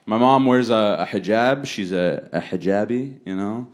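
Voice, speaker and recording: A man doing a stand-up set on a comedy stage, talking in a laid-back way and jumping high and loud when he acts out other people. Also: moderate pace, hardly any pauses. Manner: laid-back delivery, jumps high and loud for acted quotes. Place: comedy stage before a laughing audience.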